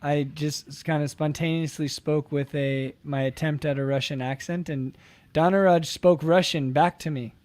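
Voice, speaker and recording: A man's voice: fairly high pitch, steady tone, moderate pace, darkish tone. A man hosting a podcast, telling an easygoing, chatty story to his guest. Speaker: podcast host. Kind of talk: casual chat.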